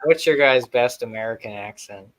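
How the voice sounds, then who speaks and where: An easygoing man with a middling pitch chats over drinks in a bar. He sounds good-humoured and relaxed. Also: normal speed, poor audio. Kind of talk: casual chat over drinks.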